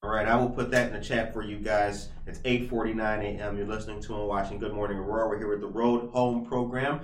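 A man's voice: lowish voice, little pitch movement, fast talker. A man hosting a morning talk show, chatting in an earnest, rambling way that turns fired up. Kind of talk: casual talk show chat. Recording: roomy echo.

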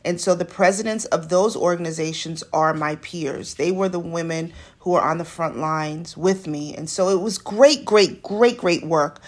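A woman from New York City hosting a podcast, talking in a casual solo monologue, chatty and full of digressions, recorded in a home studio. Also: on the low side. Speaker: podcast host.

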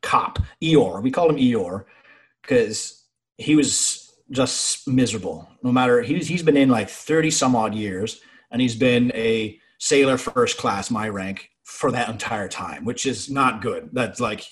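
A man's voice: medium pitch, a little slow. Cursing man spinning yarns. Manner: profane, animated storyteller. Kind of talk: casual chat.

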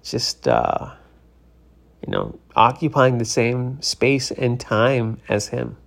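Tired guy with a gravelly voice, rambling vlog story, lots of likes and you knows. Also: medium pitch, huge pitch swings, takes it slowly. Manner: rambling, many fillers and restarts. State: tired, yawning.

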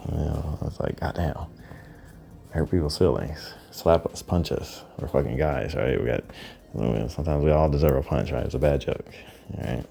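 A man delivering a profane, rambling monologue as a podcast host, often dropping into hushed, breathy asides. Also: very deep voice.

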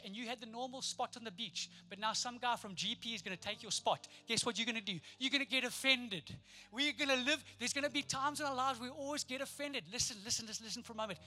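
A man delivers a lively sermon in a high register. His tone is bright and ringing, and he slips playfully into the people he describes. Faint music plays behind him. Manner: animated, playful, acts out the people in the story. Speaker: pastor.

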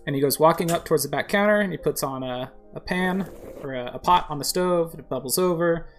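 A woman's voice: deep voice, fairly quick, faint music behind. A woman narrating a video game playthrough in a casual way, describing the screen with fillers. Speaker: game streamer. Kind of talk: casual let's-play narration.

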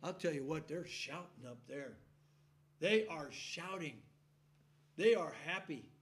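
A male preacher giving a sermon in a folksy, animated storytelling way, often laughing as he acts out a shouting congregation. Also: fairly high pitch, measured pace.

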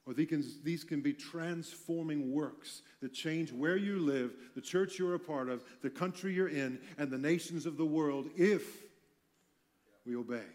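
Man preacher with a fairly high voice, delivers a fervent sermon that swells loud and drops soft, with quick jokes. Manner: passionate, with wide swings in loudness and light humorous asides.

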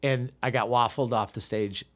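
A man's voice: medium pitch, fairly even intonation, normal speed, a bit bright. Rambling fifty-something man telling a story. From United States. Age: 50s. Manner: rambling, self-deprecating, frequent restarts. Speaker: podcast guest, improv comedian. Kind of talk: casual storytelling chat.

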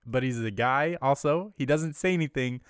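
A man's voice: medium pitch, moderate pace, clean tone, dry recording. A young man chats loosely with friends on a podcast, laughing often between rambling stories. His voice sits in an ordinary middle range. The sound is close and dry, with no room around it. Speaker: podcast co-host. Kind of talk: casual chat.

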